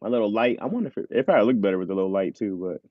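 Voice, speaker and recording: A man's voice: fairly low pitch, animated, very fast, no room sound, dull audio. A man hosting a casual livestream, reading chat aloud and laughing often, talking into a tablet mic. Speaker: livestream host. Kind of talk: casual live chat with viewers. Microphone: tablet mic with earbuds.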